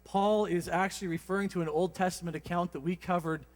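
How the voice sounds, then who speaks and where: A man delivers a sermon with relaxed, lively storytelling and a touch of humor. His voice sits a little high for a man. The sound carries the long reverb of a church sanctuary. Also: quick pace. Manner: conversational, animated storytelling with humor. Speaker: preacher.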